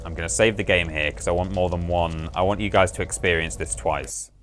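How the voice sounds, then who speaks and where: A man's voice: sits low, steady tone, brisk, a bit bright, a little hiss or hum. A man chatting amusedly as he plays through a game on a livestream, rambling and correcting himself. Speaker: livestream host playing a game. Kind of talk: casual gameplay commentary. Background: faint game music.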